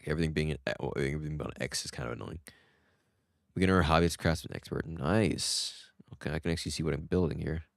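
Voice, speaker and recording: A man streaming gameplay gives rambling let's-play commentary into a close desk mic, joking and laughing at himself. His voice rumbles low with vocal fry, and he talks fast. The recording is dry.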